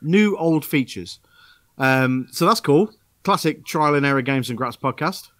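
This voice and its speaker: A man's voice: medium pitch, moderate pace, a bit bright, no room sound. A man hosting a podcast in casual chat, full of upbeat banter, laughs and stammered restarts. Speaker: podcast host.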